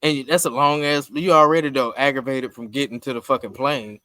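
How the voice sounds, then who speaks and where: With a medium-pitched voice and a brisk pace, a male podcast co-host tells animated, profanity-laced stories, laughing as he goes in casual chat. The recording has no room sound.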